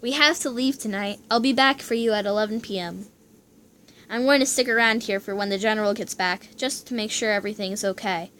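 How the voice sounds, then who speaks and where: A woman voicing a calm, urgent man who secretly protects the lovers, talking in a hushed, businesslike way. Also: medium pitch, brisk, slight background noise, close to an everyday voice.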